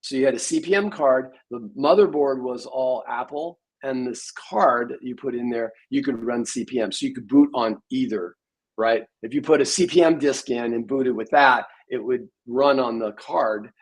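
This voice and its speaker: A man's voice: mid-range voice, normal speed, low-quality recording. A man in his sixties, a programmer, telling rambling stories in a casual interview. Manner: rambling storyteller, many fillers.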